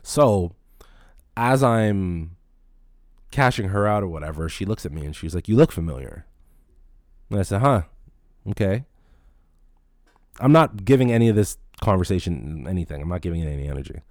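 A man's voice: sits low, lively intonation, moderate pace, long pauses, a little mellow, no room sound, clean studio sound. A man in his late twenties, a podcast host, telling a rambling, profane story in casual talk.

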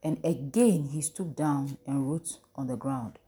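A woman's voice: rumbling low, measured pace, warm tone. A woman teaching from the Bible, throwing questions to her listeners and waiting for them to answer. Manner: call-and-response, asks the listeners questions. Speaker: preacher.

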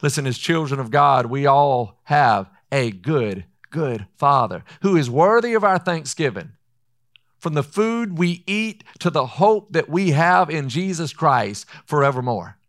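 A man preaching a sermon in an earnest way. He slows down to read scripture and often says "listen". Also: fairly high pitch, big pitch swings, fairly bright tone.

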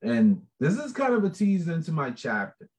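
A man chatting casually about a book project, rambling, animated and laughing often. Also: a little high, normal speed, slight background noise. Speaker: book contributor. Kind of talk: casual chat.

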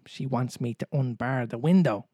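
A man's voice: medium pitch, moderate pace, warm tone, no echo, natural voice. A man reading a storybook aloud, voicing a cocky, defiant young boy with a sneering, boastful manner. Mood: sulky.

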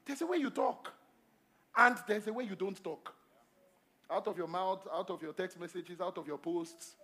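A male pastor preaching a sermon at a church service, emphatic and repetitive, swinging between loud calls to the congregation and quiet asides. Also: high voice, sing-song, moderate pace, husky. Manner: repeats phrases and asks the congregation questions.

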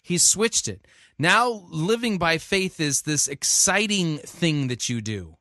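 A man's voice: fairly high pitch, expressive, slow, sharp tone, no echo, clean studio sound. A man reviewing a sermon, skeptical and challenging, repeating the preacher's phrases back to question them. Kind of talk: critical commentary.

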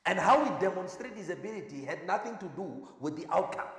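Guy preaching, keeps asking the crowd questions and repeating himself, high voice, bouncy, big echoey church sound. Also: animated, brisk, fairly bright tone. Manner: call-and-response questioning, emphatic repetition. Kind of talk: sermon. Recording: echoey hall with long reverb.

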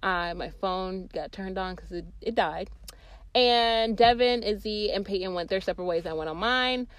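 A young woman hosting a podcast, telling a casual, profane story, swinging between loud bursts and quiet, sheepish asides. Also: mid-range voice, normal speed, no room sound. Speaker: podcast host.

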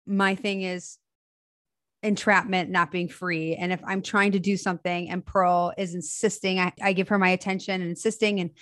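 A woman's voice: on the low side, flat delivery, moderate pace, a bit bright, no echo. Enthusiastic woman podcast host, dry sound. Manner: enthusiastic, spiritual phrasing. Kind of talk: casual conversation.

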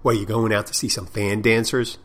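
A man's voice: fairly low pitch, flat delivery, fairly quick. A man who tends bar and hosts a podcast, telling stories in a rambling, profane, casual monologue with many restarts. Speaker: bartender and podcast host.

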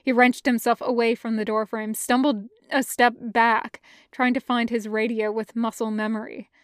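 A woman narrating a fan fiction audiobook with a measured, careful reading. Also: a little high, flat delivery, clear, resonant tone, dry recording, clean studio sound. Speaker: podfic reader.

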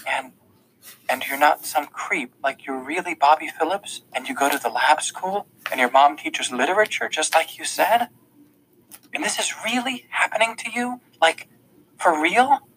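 A man reading an audiobook, voicing a blind teenage girl who is quick to anger and caring, often speaking softly or in a whisper with a higher lilt. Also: a little hiss or hum, rough recording. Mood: astonished.

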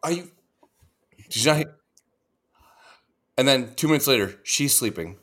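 A man's voice: mid-range voice, expressive, moderate pace, a bit bright. A man co-hosting a podcast, telling rambling, profane stories in casual chat. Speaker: podcast co-host.

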